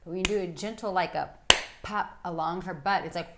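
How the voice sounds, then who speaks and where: A woman working as an intimacy coach, giving frank, playful instruction to men with animated asides. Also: fairly low pitch, brisk, a little hiss or hum. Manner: blunt, playful and animated, with bursts of laughter and acted-out asides. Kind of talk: frank instructional talk to camera.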